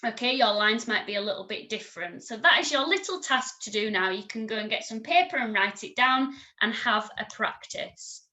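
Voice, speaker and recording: Bright, lively woman teaching music. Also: a little high. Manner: encouraging, slow and clear, sings and chants examples. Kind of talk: recorded online music lesson for children.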